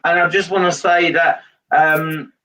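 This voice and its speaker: A man working as a medium, giving a live reading to a sitter in a halting way, with many pauses and fillers. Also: a little high, little pitch movement, sharp tone. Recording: distant mic, dull lo-fi sound.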